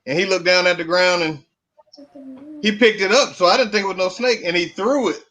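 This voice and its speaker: A man with a notably high speaking voice, talking casually as a podcast guest. He tells his stories in a relaxed, dryly funny way with loose everyday grammar. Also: fairly quick. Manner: laid-back storyteller, dry humor, loose grammar. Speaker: podcast guest, beard company owner. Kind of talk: casual chat.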